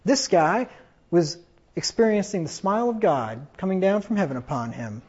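A man with a high voice preaches a fiery sermon, reading scripture and mocking his critics. The recording is dull and lo-fi, like a church tape. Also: expressive, moderate pace, darkish tone, breathy edge. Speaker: pastor.

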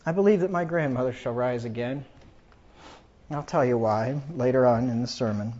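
A man's voice: medium pitch, fairly even intonation, normal speed, dark tone, dull audio. A man preaching a funeral sermon, reading scripture aloud with rising emphasis.

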